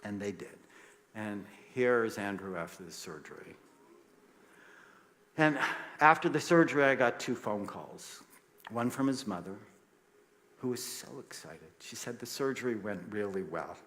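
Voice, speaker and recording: A man, a psychiatrist, telling a story in a talk with animated delivery, acting out quoted voices and dropping soft and low at grave moments. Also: a little slow, pauses often, slight background noise. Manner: emphatic, passionate.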